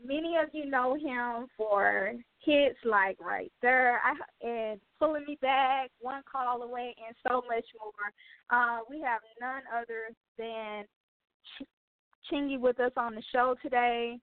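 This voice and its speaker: A woman's voice: on the high side, measured pace, no echo. A woman hosting an online radio show, upbeat and full of fillers as she interviews a guest. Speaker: radio host. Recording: dry tinny phone-like audio.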